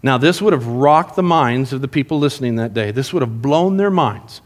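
A man preaching a sermon, telling stories in an animated way and acting out the people in them. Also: mid-range voice, normal speed. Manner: animated storytelling, acts out prayers. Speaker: pastor.

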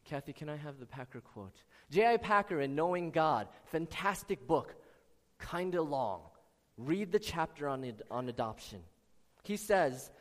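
An earnest man preaches to his congregation, calling people out by name as he goes. His voice sits a little high for a man. The sound carries a long reverb from a large church sanctuary. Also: animated, a little slow. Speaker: pastor. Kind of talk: sermon.

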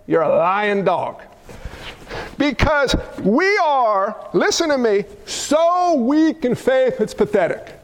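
Preaching with a very high-pitched voice at a slightly slow pace, a pastor gives a fiery sermon. He draws responses from the congregation, adding folksy asides and loud outbursts.

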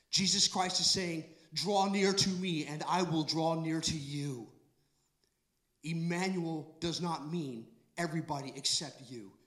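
Male preacher, sermon, emphatic, repeats lines, slightly high voice, echoey church hall. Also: unhurried. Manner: emphatic, repetitive, swings from soft to loud. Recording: echoey room.

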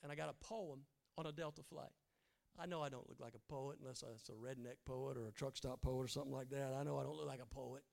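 A man preaching a sermon, folksy and humorous, swinging from hushed lines to loud bursts. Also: medium pitch, fairly even intonation, fast, vocal fry.

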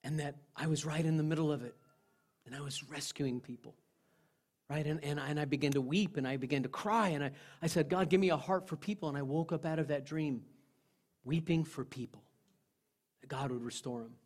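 A male pastor preaching a sermon, telling personal stories in an earnest way, dropping to a hush and then rising again. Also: a little high, brisk. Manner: earnest storytelling, swinging from loud to hushed.

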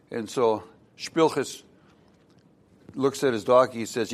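A man's voice: lowish voice, slow, long pauses. A male pastor telling a joke in his sermon, in a folksy, chuckling storytelling manner.

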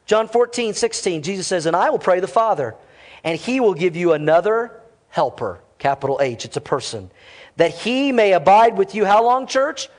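A middle-aged man preaching a sermon to his church, lively and conversational with quick casual asides. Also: high-pitched, big-room sound. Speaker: pastor.

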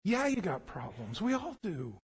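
A man's voice: high-pitched, normal speed, breathy edge. A man preaching a sermon as pastor, telling stories with animation and acting out the voices of the people in them. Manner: animated storytelling, acts out voices. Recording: long hall reverb.

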